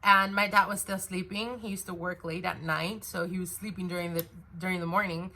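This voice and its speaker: A woman's voice: fairly low pitch, fairly even intonation, brisk, pushed and bright. A woman casually telling a personal story to her viewers, rambling with fillers and restarts. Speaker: tarot reader and channel host.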